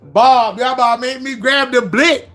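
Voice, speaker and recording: A man streaming, reacting with loud, repetitive exclamations in street slang. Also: extremely high pitch, normal speed. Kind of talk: emotional live reaction rant.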